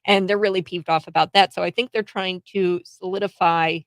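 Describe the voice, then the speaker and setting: A woman hosting a political talk show, chatty and quick to laugh between points. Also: on the low side, steady tone, no room sound. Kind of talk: casual political chat.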